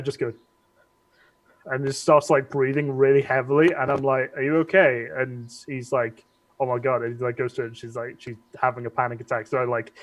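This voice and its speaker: A man, a guest cosplayer, chatting casually and hesitantly, with many restarts as he tells a story. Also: medium pitch. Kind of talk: casual chat.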